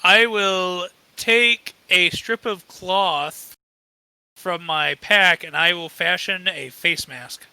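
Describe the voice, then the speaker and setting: A man's voice: high-pitched, vocal fry, pushed and bright, clean tone, dry recording, low-quality recording. A man playing a tabletop game with friends, chatting casually in a playful, joking way. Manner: playful, joking, quick to laugh.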